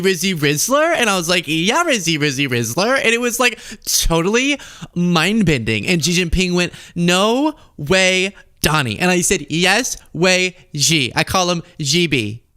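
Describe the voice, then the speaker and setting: A man's voice: sits high, sharp tone. An older man telling a rambling, boastful anecdote, repeating himself. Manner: rambling, repetitive.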